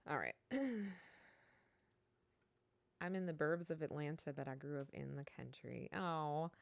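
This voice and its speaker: A woman's voice: low voice, unhurried, creaky, smooth, no echo. A middle-aged woman with a Kentucky Southern accent, chatting casually and giggling with her live-stream viewers.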